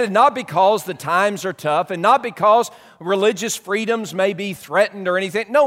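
A man preaching a sermon in a reverberant church hall. His high voice swings widely in pitch, stretching key words for emphasis and stumbling over repeated words as he builds toward each point. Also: fairly bright tone. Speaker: pastor.

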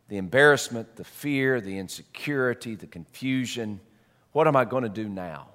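A man preaching a sermon as a story, dramatic, swinging between loud and soft. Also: medium pitch, animated, moderate pace. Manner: dramatic, shifts loud and soft, repeats words.

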